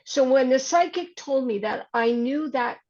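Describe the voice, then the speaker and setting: A woman's voice: sits high, lively intonation, unhurried, darkish tone, lo-fi sound. A woman on a video call, earnestly recounting a personal story. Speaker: workshop participant.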